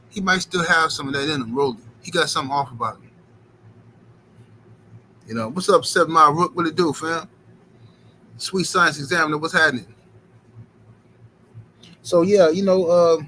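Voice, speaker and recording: A man's voice: a little high, sharp tone, a little hiss or hum, poor audio. A man hosting a boxing livestream, rambling in slangy casual chat and filling it with "you know what I'm saying.".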